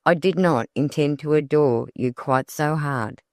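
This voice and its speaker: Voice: mid-range voice, a little slow, no echo, clean studio sound, lightly acted. A narrator reading playful young man Nat.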